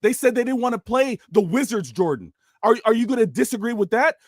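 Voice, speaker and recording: A man's voice: very high voice, animated, a little fast, no room sound, clean studio sound. A man on a football panel, insistent and pressing his point over interruptions. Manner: insistent, keeps demanding to respond. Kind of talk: heated football debate.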